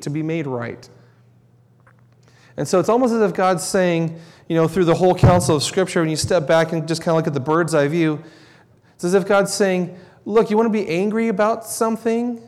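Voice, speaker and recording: Man, preacher, sermon, earnest, emphatic, repetitive stress, slightly high voice, long hall reverb. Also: normal speed, a little mellow.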